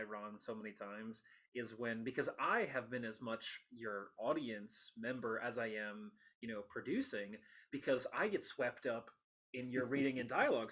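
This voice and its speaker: A man's voice: mid-range voice, a bit bright. A man hosting a casual interview podcast, talking enthusiastically and laughing often. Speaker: podcast host.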